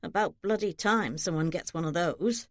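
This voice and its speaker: A woman's voice: on the high side, animated, normal speed, dry recording, close to an everyday voice. A woman voicing a shrewd middle-aged mother with a dry, muttering way of talking. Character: shrewd mother managing her old husband.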